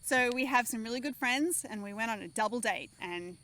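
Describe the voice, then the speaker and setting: A woman's voice: on the high side, lively intonation, brisk, bright, forceful tone. A woman co-hosting a travel vlog, telling a story in a playful, giggly way. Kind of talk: casual storytelling chat.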